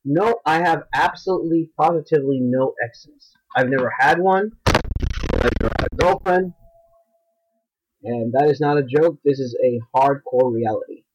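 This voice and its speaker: A man co-hosting a podcast in casual chat, dropping deadpan wisecracks and blunt, profane complaints. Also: mid-range voice, moderate pace, hardly any pauses, husky, low-quality recording. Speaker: podcast co-host.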